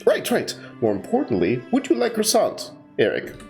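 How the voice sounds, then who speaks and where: A man voicing a young female student who is composed, cryptic and playful, speaking in prim, formal phrases with halting grammar. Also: high voice, wildly swooping pitch, vocal fry, darkish tone, faint music behind, voice pushed up, full character voice. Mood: eager.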